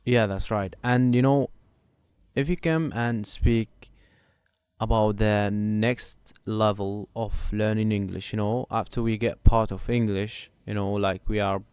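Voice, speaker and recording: A man hosts a relaxed interview, asking his questions in a chatty way full of small fillers. His voice is smooth and clear, and the recording sounds dry and close. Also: lowish voice, a little slow, dry recording. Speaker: host. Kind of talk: casual interview chat.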